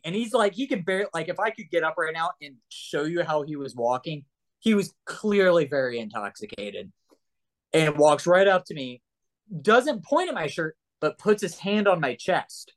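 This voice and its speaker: A man who is a guest on a casual chat show, telling stories in a rambling, animated way with swearing and restarts. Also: a little high, normal speed.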